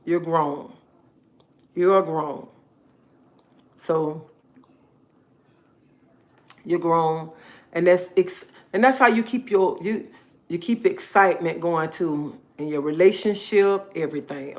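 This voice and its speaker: A woman's voice: fairly low pitch, slow pace, pauses often. A woman talking casually to her viewers on a live stream, chatty and emphatic, repeating herself often. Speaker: livestream host.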